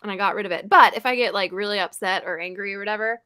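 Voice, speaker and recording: A woman's voice: medium pitch, very fast, pushed and bright, dry recording. A woman from Texas, her accent mostly trained away, co-hosting a casual podcast chat with dry, teasing humor. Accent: Texas, mostly neutralized. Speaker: podcast co-host.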